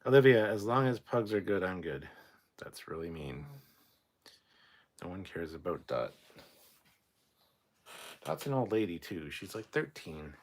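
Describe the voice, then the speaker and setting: A sleep-deprived man hosts a casual late-night livestream, reading chat aloud and rambling in a tired, mumbling way that sinks into low mutters. His pitch swings widely, his pace is measured, and he pauses often.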